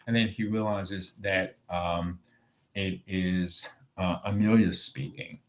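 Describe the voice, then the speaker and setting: Male teacher, deep voice, recorded lecture on a dull laptop mic, chatty with lots of "um". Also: fairly even intonation, slow pace. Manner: explains with frequent fillers and "right?", reading quoted lines aloud.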